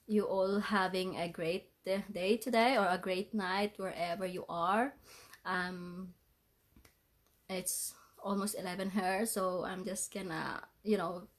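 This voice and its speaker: A woman's voice: mid-range voice, steady tone. Tearful apologetic woman vlogger. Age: adult parent. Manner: apologetic, halting, laughing through tears. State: crying, tearful. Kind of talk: emotional livestream vlog.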